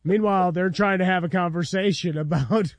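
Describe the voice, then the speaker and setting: A man's voice: sits high, brisk. A middle-aged man co-hosting a sports radio show, telling stories in a wry, casual way. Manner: storytelling, wry. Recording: dry studio sound.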